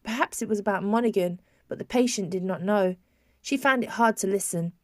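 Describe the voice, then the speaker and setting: A woman narrates a novel in a measured, even storytelling manner, at a middle pitch. Her voice is close and dry, with no room sound. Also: dry recording. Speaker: audiobook narrator. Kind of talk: scripted narration.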